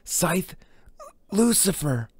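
A man's voice: mid-range voice, animated, normal speed, a little mellow, slightly rough, dry recording. A man voicing an arrogant older male scythe with a pompous, indignant way of talking, in a fan audiobook reading. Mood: defiant gasping. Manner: pompous, outraged protest.

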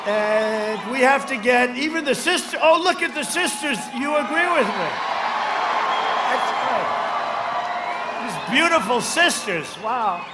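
An older man in his seventies speaks at an outdoor rally, rambling and repeating his phrases. His voice sits fairly high, and he lurches between shouted lines and quieter asides. The sound is roomy and echoey, with steady crowd noise underneath. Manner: rambling, repetitive, swings from loud shouts to low asides. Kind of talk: rally speech.

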